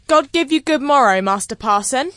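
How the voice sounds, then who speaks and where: A woman's voice: high voice, expressive, normal speed, fairly bright tone, dry recording. A woman playing a simple young country girl asking politely for help. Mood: pleading. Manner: polite, pleading. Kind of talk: stage acting in verse.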